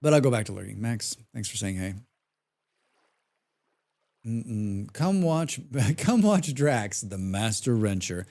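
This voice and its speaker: Here a man's fairly low, warm voice swings widely in pitch, moving slowly with frequent pauses. Chatting in a loose, rambling way during his live gaming stream, he reads out chat messages and hums tunelessly as he plays.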